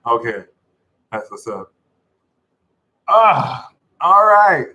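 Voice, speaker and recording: A British man hosting a livestream, bantering in a jokey, boastful way and freestyling rhymes with a steady rhythm. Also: medium pitch, very slow, low-quality recording. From United Kingdom. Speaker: livestream astrology host. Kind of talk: playful freestyle rapping and banter. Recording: music playing clearly behind the voice. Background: music.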